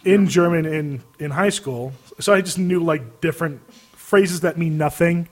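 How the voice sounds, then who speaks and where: A man telling a comedy story on a casual podcast, laughing often and breaking into loud silly voices. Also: a little high, normal speed. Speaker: podcast co-host.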